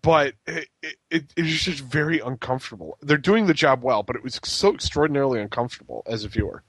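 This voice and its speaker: A man's voice: mid-range voice, lively intonation, fast talker, dry recording. A man co-hosting a casual wrestling podcast, recapping with jokes and silly quoted voices. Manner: joking, recaps with mock-breathy quotes. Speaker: podcast co-host. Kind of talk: casual chat.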